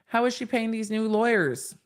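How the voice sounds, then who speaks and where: A woman's voice: a little high, lively intonation, normal speed. A woman in her thirties hosting a live stream, reading viewers' chat comments aloud and answering them in a frank, chatty way.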